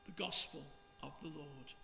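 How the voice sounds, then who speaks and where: A man, a priest, reading the Gospel and preaching in a slow, measured, expressive way. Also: a little high, vocal fry, big-room sound, slight background noise.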